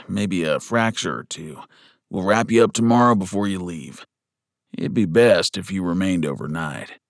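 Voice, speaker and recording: A man voicing a calm older frontier doctor with dry humor, matter-of-fact, in an audiobook. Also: sits low, gravelly, dry recording, full character voice.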